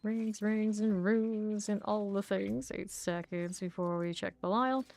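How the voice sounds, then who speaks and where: Slow, easygoing woman streamer. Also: medium pitch, gravelly. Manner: relaxed, chatty, hums and counts to herself. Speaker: game streamer. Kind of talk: casual gameplay commentary.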